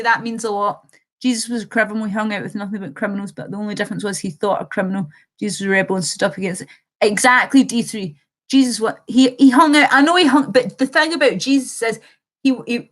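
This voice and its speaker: A woman's voice: on the high side, a bit bright. Rambling woman livestreamer. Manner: rambling, impassioned, swears casually. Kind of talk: livestream chat reading viewer comments.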